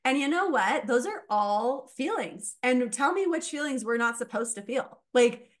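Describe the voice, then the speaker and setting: A woman mindset coach talking casually as a podcast guest, animated and laughing often as she acts out quoted voices. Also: a little high, normal speed.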